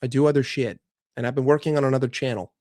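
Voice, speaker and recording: A man's voice: medium pitch, steady tone, rapid-fire, dark tone, no room sound. A young man streaming live, frustrated and swearing as he rants and answers chat about his football team. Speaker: fan channel streamer.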